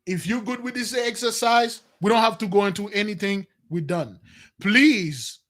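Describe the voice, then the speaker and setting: A man preaching in an animated, free-wheeling monologue. His voice sits high and bright, jumping from loud bursts to hushed mutters. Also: moderate pace. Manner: animated, swings between loud outbursts and low mutters. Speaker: spiritual teacher.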